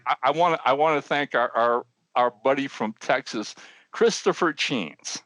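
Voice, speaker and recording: An older man co-hosting a podcast, telling a long joke with animated voices for the characters. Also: mid-range voice, moderate pace, dry recording. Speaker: podcast co-host. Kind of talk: telling a joke, casual chat.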